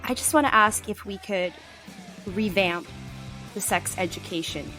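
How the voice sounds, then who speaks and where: A woman's voice: medium pitch, unhurried, over music, voice pushed down, close to an everyday voice. A woman voicing a shy young female mutant student, speaking in a hesitant, awkward way.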